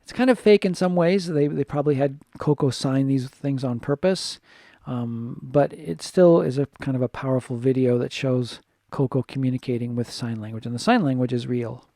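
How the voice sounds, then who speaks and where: Guy teaching english, thinking out loud, fixes himself a lot, dry close sound. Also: mid-range voice, moderate pace, vocal fry, no room sound. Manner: thinking aloud, self-correcting. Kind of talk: casual recorded lesson talk.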